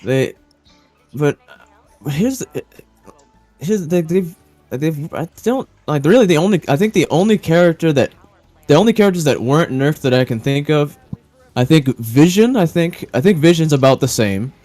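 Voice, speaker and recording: A man's voice: fairly high pitch, lively intonation, moderate pace, mellow, faint music behind. A man hosting a stream, chatting casually and rambling about comic films with lots of restarts and swearing. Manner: rambling, profane, many restarts. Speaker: stream host. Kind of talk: casual chat.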